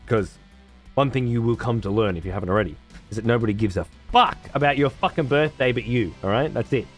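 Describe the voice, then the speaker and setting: Soft music plays behind a man with a mid-range voice who talks fast. He's a livestream host in his room at home, casually swapping crude, sarcastic jokes with viewers.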